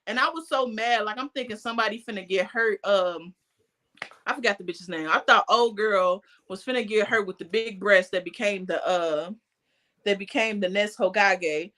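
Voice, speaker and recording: A woman co-hosting a podcast, telling stories in casual chat with heavy swearing and loud outbursts. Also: medium pitch, normal speed. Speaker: podcast co-host.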